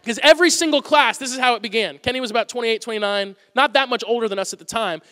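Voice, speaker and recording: A man with a very high, bright voice preaching a humorous sermon to his congregation. He tells self-deprecating stories in a loose, conversational way, and his voice rings out through a large hall with long reverb. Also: fast talker. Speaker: pastor.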